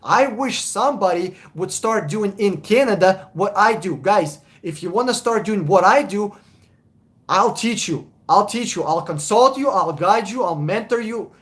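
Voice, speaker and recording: Blunt, high-voiced man answering car questions. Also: lively intonation, measured pace, a bit bright. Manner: blunt, swears freely, repeats himself for emphasis. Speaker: car buying consultant, live stream host. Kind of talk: casual live stream Q&A reading comments.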